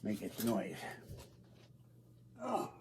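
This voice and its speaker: A man's voice: on the low side, huge pitch swings, extremely slow, darkish tone, a little hiss or hum. An older man, rambling and grumbling sarcastically on a casual home livestream. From Pittsburgh area. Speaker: livestream host. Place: indoors at home.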